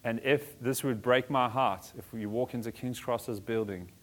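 A man in his forties preaching a sermon as a pastor, animated, joking with the congregation and swinging between soft and loud. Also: mid-range voice, moderate pace. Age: 40s. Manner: animated, varies loudness, jokes with congregation.

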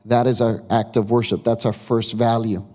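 Standing in a church sanctuary, a male pastor preaches in a level, mellow, mid-range voice at a moderate pace, engaging the congregation with questions in a conversational and emphatic style, while long reverb fills the hall.

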